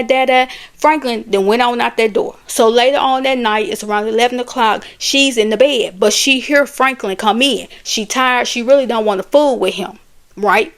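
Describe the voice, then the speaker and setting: A woman retelling a book's plot in a casual, conversational way, animated, with chatty asides. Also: on the high side. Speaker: book and movie reviewer. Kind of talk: casual storytelling recap.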